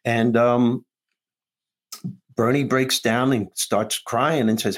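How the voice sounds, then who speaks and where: A man, a guest author and comedian, telling an animated story in an interview and acting out the lines of his characters. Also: mid-range voice, takes it slowly, pauses often, faint music behind. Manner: acts out dialogue between characters, laughing often.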